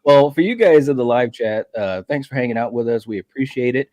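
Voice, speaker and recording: A man's voice: mid-range voice, fairly quick, warm tone, no echo, studio quality. A man hosting a casual horror podcast, laid-back and chatty, with many fillers and friendly asides. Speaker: podcast host.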